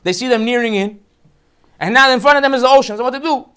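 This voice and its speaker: A man teaching a lesson on the weekly Torah portion as a rabbi, telling the story in an animated way and acting out quotes with jokes. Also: very high-pitched, fairly quick, clean tone.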